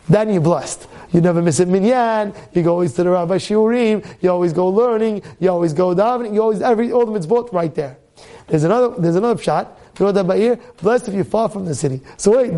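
A man's voice: high voice, dark tone. A man giving a rabbi's class on the weekly Torah portion, asking rhetorical questions and repeating words as he builds his points. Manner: acts out students' complaints in a raised voice.

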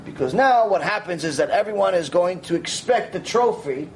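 A man teaching a Torah lecture, telling stories in an animated way and sprinkling in Hebrew terms and "you know". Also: high-pitched, moderate pace, slight background noise, low-quality recording. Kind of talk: lecture with storytelling.

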